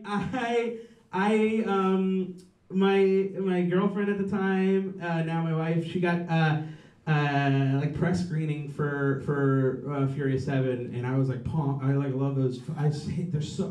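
Heard from a distant mic in a roomy space, this thirties comic has a fairly high, slightly mellow voice. His stand-up set is rambling and profane, full of self-mockery and lines he abandons and starts over.

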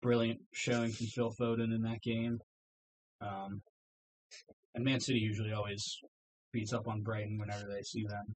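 A man casually recapping football results on a podcast, relaxed and full of ums. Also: fairly low pitch, normal speed, long pauses, a little hiss or hum, low-quality recording. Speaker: podcast co-host. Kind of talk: casual sports chat.

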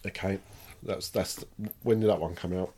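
A man's voice: low-pitched, steady tone, moderate pace, dark tone, a little hiss or hum. A man, a parent casually questioning his child about a book, playful and teasing. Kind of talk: casual chat.

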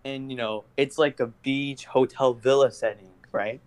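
A young man on a casual podcast, telling a story in a rambling, hesitant way. He keeps losing the thread. His voice sits at an ordinary middle pitch for a man. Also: steady tone, normal speed, darkish tone, clean tone. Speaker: podcast co-host.

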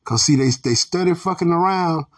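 A man's voice: on the high side, brisk. An American man hosting a podcast, ranting bluntly with heavy profanity and calling his listeners family. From United States. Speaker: podcast host. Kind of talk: angry ranting commentary.

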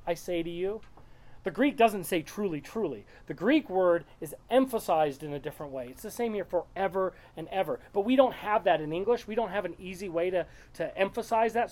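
A woman's voice: lowish voice, darkish tone. A woman leading a small-group Bible study, reading verses aloud and explaining them in a loose, conversational way.

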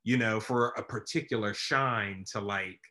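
A man from Maryland hosting a casual interview, animated and rambling, often laughing. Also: fairly low pitch, a little slow. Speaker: podcast host.

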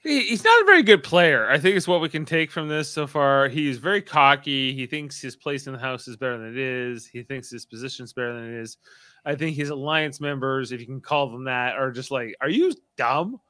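A blunt man on a casual talk show who keeps asking pointed questions. His voice is bright and forceful, and the recording is dry and close. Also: mid-range voice, fairly quick, dry recording. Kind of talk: casual chat.

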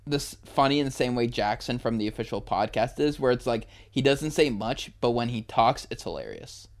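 A man's voice: mid-range voice, lively intonation, normal speed. Laid-back young man chatting on a podcast. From United States. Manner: laid-back, laughs often, swears casually. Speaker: podcast co-host. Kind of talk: casual chat.

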